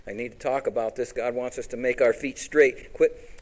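A man from Tennessee delivers a sermon in a folksy, animated way, slipping into little acted-out scenes. His voice sits in a middle range for a man. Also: mid-range voice, normal speed. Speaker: pastor.

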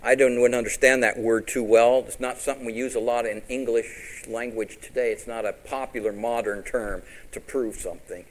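A middle-aged man preaching a sermon as pastor, lively and throwing rhetorical questions at his congregation. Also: mid-range voice, moderate pace, hardly any pauses, rough recording.

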